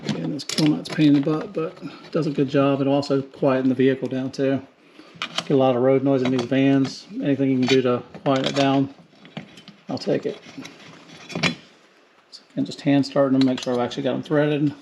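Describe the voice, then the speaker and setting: A man casually narrating how he installs speakers in a van while he works, rambling and relaxed. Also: mid-range voice, a little fast, creaky, long pauses, noisy background. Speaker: car audio DIY hobbyist. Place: inside a van, working on a door. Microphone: handheld camera.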